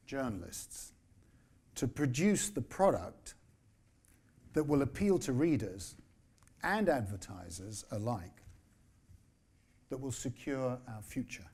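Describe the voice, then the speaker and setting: Husky-voiced man in his sixties. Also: medium pitch, sing-song, darkish tone. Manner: measured, emphatic delivery with dry spoken asides. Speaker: newspaper editor giving a keynote. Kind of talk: conference keynote speech.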